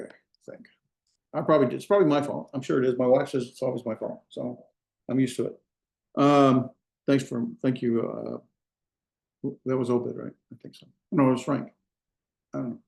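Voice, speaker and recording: A man's voice: medium pitch, gravelly, a little mellow. Middle-aged man, language teacher, hesitant with fillers and self-corrections, roomy echo. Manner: self-deprecating humor. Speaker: Hebrew instructor. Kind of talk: recorded online class lecture.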